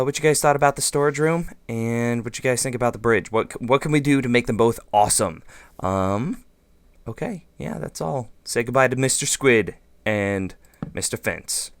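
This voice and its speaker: A man's voice: mid-range voice, moderate pace, clear, resonant tone, dry recording. A man hosting a let's play, thinking aloud in casual gameplay commentary with lots of fillers and goofy asides.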